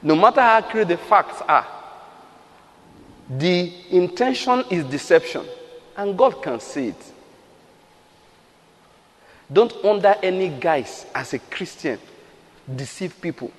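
A man's voice: high voice, expressive, unhurried, pauses often, big-room sound. A man preaching a sermon, emphatic, asking the listeners rhetorical questions and acting out quotes.

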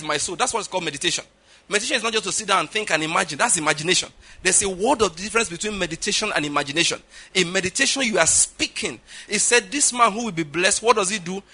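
A man's voice: high-pitched, bright, forceful tone. A man preaching a sermon, emphatic and constantly checking in with his listeners. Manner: emphatic, keeps checking in with the congregation. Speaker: pastor.

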